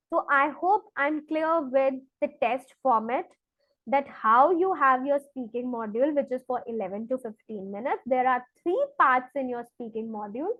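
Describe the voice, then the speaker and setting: A woman's voice: high-pitched, dry recording. Lady teacher walking thru exam tips, keeps asking right?, kinda dull dry audio. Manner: explains step by step, asks rhetorical questions like "right?". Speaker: IELTS teacher. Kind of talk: explanatory online lesson.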